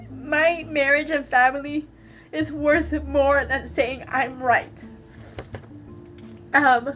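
A woman telling a personal story candidly, with emotional laughs and halting restarts. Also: high voice, bright, forceful tone, muffled recording. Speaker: guest sharing a personal story.

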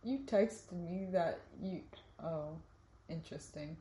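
A woman's voice: lowish voice, slow, dark tone, reverberant. A young woman hosting a podcast in casual chat, with a playful, dry and teasing manner. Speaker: podcast host.

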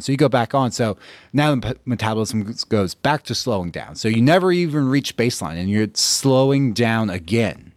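A man hosting a podcast as a fitness coach, talking bluntly and casually with frequent swearing and quick acted-out reactions. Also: medium pitch, animated, dry recording. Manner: blunt, profane, acts out listeners' reactions. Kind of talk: casual solo podcast monologue.

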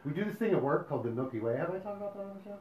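A man's voice: high voice, lively intonation, very fast. A man co-hosting a podcast, bantering in casual, teasing, profane chat. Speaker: podcast co-host. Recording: roomy, dull lo-fi sound.

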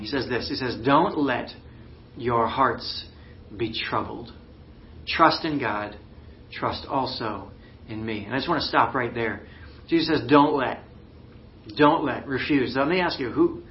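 A man's voice: medium pitch, lo-fi sound, slight background noise. A man preaching a sermon in an earnest, searching way, often restarting and using fillers. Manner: earnest, with many restarts and "you know" fillers. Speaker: pastor.

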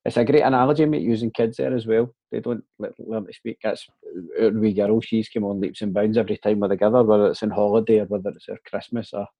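Scottish man, gravelly husky voice, dark tone, matey casual chat. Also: lowish voice, fairly even intonation, quick pace, hardly any pauses, dry recording, muffled recording. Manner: chatty, says "mate" and "man" often.

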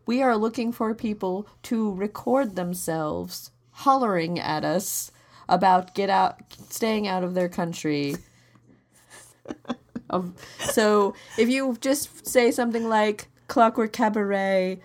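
A woman's voice: medium pitch, slow pace, darkish tone. A woman co-hosting a podcast in casual chat, explaining things earnestly at length with many restarts, and dryly exasperated with her partner's jokes. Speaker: podcast co-host.

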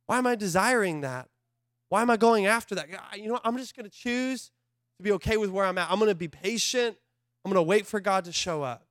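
An animated male pastor preaching with a high, light voice. He talks conversationally and jumps from loud, excited bursts to quiet, hushed asides. The sound is dry and close, with little room echo. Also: brisk. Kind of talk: sermon.

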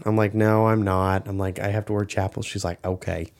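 A man's voice: on the low side, a little fast. A young man co-hosting a podcast, rambling through stories in casual chat and acting out quoted lines. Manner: rambling storyteller, animated quoting. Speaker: podcast co-host.

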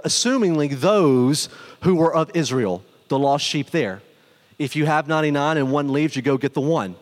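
A man preaching a sermon in a conversational, animated way, acting out the people he quotes. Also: fairly high pitch, normal speed. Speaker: pastor. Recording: long hall reverb.

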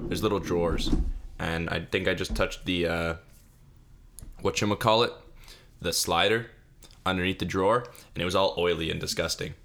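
Young male solo podcaster, lowish voice, silly self-mocking rambler, desk mic. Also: steady tone, normal speed, gravelly, pauses often, a bit bright, a little hiss or hum. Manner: goofy, self-mocking, laughs at own jokes; mock-sobbing bit, put-on crying. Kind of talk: rambling solo comedy chat.

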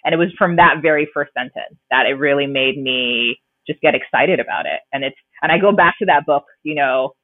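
A woman's voice: very deep voice, brisk, hardly any pauses, no room sound. A woman co-hosting a podcast, chatting casually and rambling as she corrects herself. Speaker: podcast co-host. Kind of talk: casual chat. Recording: tinny, dry phone-like line.

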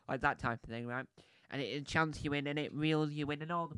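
A man's voice: fairly high pitch, quick pace, bright, forceful tone, clear, resonant tone, no room sound. A man giving a casual, rambling film review on a podcast, chatty, with many restarts and asides.

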